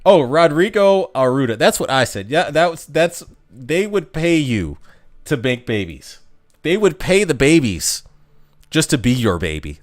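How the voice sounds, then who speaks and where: A man's voice: on the high side, very animated, a little slow. A man chatting casually on a livestream, reading viewer comments aloud and joking in a rambling, self-amused way. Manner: joking, rambling, laughs at his own jokes.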